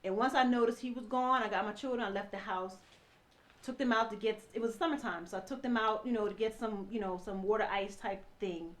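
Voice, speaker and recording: Speaking briskly at a medium pitch, an ex-wife in her thirties tells her own story with sincerity. She talks straight to her audience, going back over points repeatedly while describing the events.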